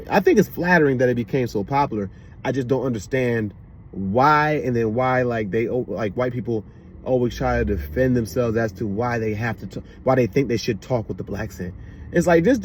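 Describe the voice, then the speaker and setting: Speaking in a mid-range voice over slight background noise, a man from the Washington DC area chats in a rambling, offhand way. He keeps using the same fillers and asking if you get what he means as a car passes loudly outside.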